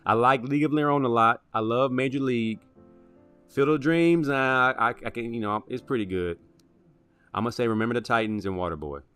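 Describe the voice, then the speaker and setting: A man co-hosting a sports show, talking through favorite movies in a casual, animated way and tacking "man" onto lines. Music plays faintly underneath. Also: mid-range voice, clear, resonant tone. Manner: animated, drawn-out "man" asides.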